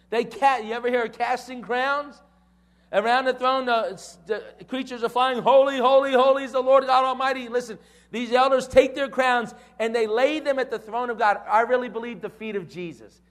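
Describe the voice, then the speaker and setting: High-voiced man preaching a lively sermon. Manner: storytelling, engages the crowd with call-and-response. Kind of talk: sermon to a youth audience.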